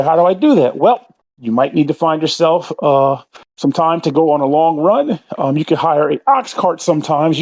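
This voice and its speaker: Rambling man with a slightly high voice. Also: a little mellow. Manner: rambling, self-aware, lots of fillers. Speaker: podcast co-host. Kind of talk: casual gaming chat.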